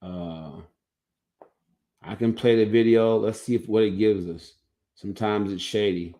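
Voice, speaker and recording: A man with a fairly low voice talks loosely through a livestream, his thoughts trailing off and restarting mid-sentence. He sounds like a coach chatting casually to his viewers over a computer mic. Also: steady tone, unhurried, warm tone.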